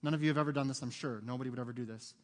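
A man's voice: mid-range voice, fairly even intonation, rapid-fire, long reverb tail. A man in his thirties, a pastor giving a sermon, joking about himself and acting out his own and other people's lines. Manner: humorous, self-mocking storytelling with acted-out quotes. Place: church sanctuary.

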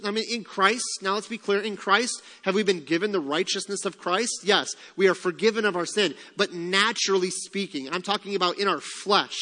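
Pastor, male, high-pitched, conversational preaching with rhetorical questions and light humor, long hall reverb. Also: sharp tone. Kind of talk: sermon.

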